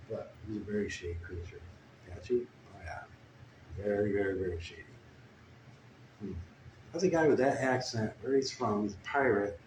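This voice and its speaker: A man telling a crude, meandering comic story with deadpan asides. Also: fairly low pitch. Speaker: comedic storyteller. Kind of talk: rambling improvised comic story. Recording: echoey room with faint ambient noise. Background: guitar playing.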